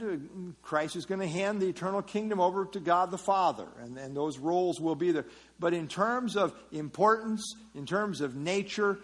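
A man teaching a Bible passage verse by verse in an explanatory sermon style, often repeating key phrases. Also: high voice.

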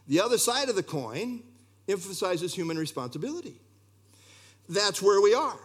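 Animated high-voiced male preacher. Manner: animated, emphatic preaching with sudden drops in volume. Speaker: pastor. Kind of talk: expository sermon.

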